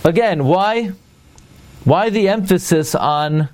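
A man teaching a Torah class. He asks rhetorical questions and pauses with fillers while he looks for the next word. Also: high-pitched, darkish tone.

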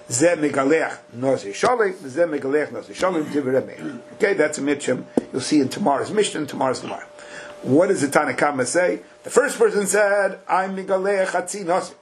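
A man's voice: medium pitch, slight background noise. A man teaching a Talmud class. He reads the text in a chant, explains it in casual English and drives points home with rhetorical questions.

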